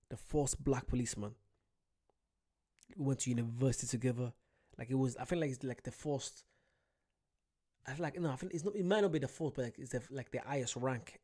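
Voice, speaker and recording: Mellow-voiced young Irish man streaming. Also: mid-range voice. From Ireland. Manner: rambling, reads viewer comments aloud and jokes about himself. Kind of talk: casual livestream chat.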